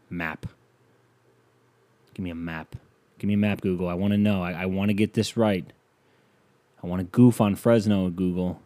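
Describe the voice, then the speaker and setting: A man's voice: fairly low pitch, dark tone. A young man from Northeast Ohio hosting a solo podcast, ranting with sarcastic exasperation and the odd curse. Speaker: podcast host. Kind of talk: solo comedic podcast rant.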